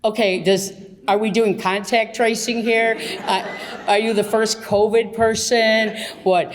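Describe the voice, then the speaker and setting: Slow, playful woman emcee teasing a colleague before an audience. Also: fairly high pitch, flat delivery. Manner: playful, teasing, laughing as she talks. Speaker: emcee at an event. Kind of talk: public speech at an event. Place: event room with an audience.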